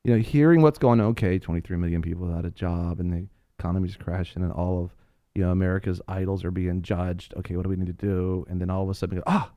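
A man co-hosting a Christian talk show, rambling and joking, with many fillers and restarts and animated storytelling. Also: deep voice, fast, no echo. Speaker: co-host.

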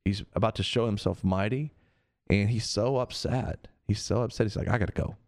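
A man preaching in a relaxed, conversational way, his voice sitting a little low. He is earnest and circles back over his points, now and then slipping into the voices of the people he quotes. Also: normal speed. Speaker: preacher on a radio show.

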